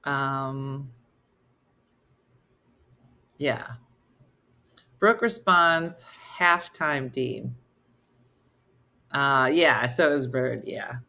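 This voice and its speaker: A woman's voice: extremely low pitch, very slow, vocal fry, pauses often, sharp tone. A middle-aged woman hosting a live morning comedy stream, chatty and laughing as she reads viewer comments aloud.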